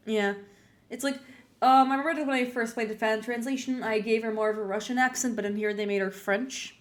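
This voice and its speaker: A woman's voice: a little high, fairly even intonation, fairly quick. A woman streamer chatting while playing, trailing off and hunting for words. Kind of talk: let's-play commentary. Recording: loud game music behind.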